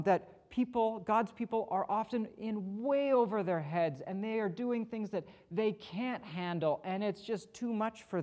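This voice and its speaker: A man's voice: high voice, a little mellow. Casual male pastor preaching. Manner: casual, acts out quoted speakers. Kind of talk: conversational sermon.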